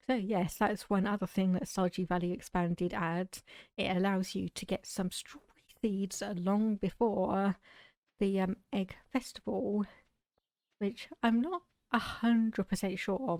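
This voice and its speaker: A British woman streaming a farming game, explaining her plans in a measured, chatty way. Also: medium pitch, a little mellow, dry recording. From United Kingdom. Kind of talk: casual game commentary.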